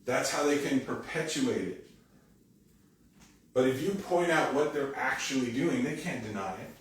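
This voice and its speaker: A man's voice: mid-range voice, normal speed, distant mic, a little hiss or hum. A man preaching a conversational sermon as a pastor, often acting out the quoted lines of other people. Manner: conversational, animated, acts out quoted dialogue. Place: church sanctuary. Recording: echoey church hall, speaker away from mic.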